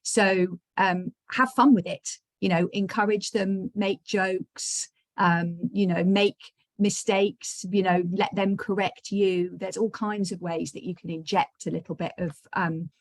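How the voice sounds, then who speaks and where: A woman's voice: medium pitch, steady tone, unhurried, no room sound. A woman hosting an online training session, chatty and encouraging, with many fillers, on a video call. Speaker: session host.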